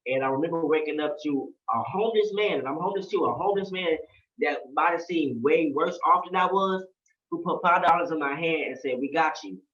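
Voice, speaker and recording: A man's voice: fairly high pitch, brisk, a bit bright. Man telling a personal story, distant and roomy. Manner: earnest, repetitive, quoting others in his story. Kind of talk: emotional personal testimony. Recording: roomy, distant, dull-sounding.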